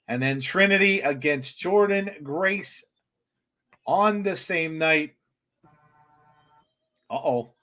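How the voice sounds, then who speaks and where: A man co-hosting a live wrestling watchalong, giving excitable reaction commentary with many restarts. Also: a little high.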